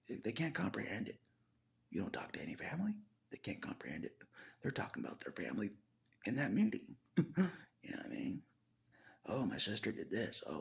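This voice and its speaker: A very low, gravelly male voice that swings widely in pitch and often drops to a whisper. He rambles in a casual personal monologue to his viewers and laughs between his thoughts. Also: a bit bright.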